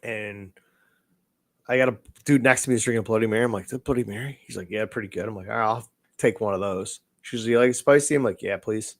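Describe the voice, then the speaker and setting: A man's voice: fairly low pitch, quick pace. A man co-hosting a casual live podcast, telling profane stories and acting out the people in them. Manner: profane storyteller, acts out voices in his anecdotes. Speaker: podcast co-host. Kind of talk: casual chat. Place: informal live podcast setup.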